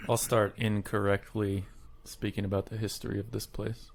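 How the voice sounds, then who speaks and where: A man's voice: fairly low pitch, flat delivery, unhurried, gravelly. A man playing a tabletop game, chatting casually and joking with the others. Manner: joking, laughs often. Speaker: player.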